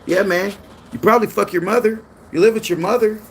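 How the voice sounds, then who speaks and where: A man's voice: high-pitched, brisk, fairly bright tone, breathy edge, voice pushed up, exaggerated voice. A man mimicking a sneering, taunting guy. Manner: sneering, insulting. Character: mocking adult man taunting a rival.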